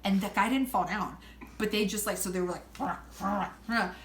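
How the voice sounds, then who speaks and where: Animated woman telling a profane comic story. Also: medium pitch, brisk. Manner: animated, laughing, profane, acts out quoted people. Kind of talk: casual comedic storytelling. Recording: roomy room with faint background noise.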